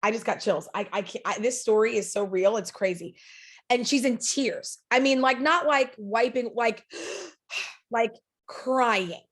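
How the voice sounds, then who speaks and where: A woman's voice: fairly high pitch, steady tone, normal speed. A woman speaking as a podcast guest, telling a story in an earnest, emphatic, motivational way. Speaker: podcast guest, sales leader.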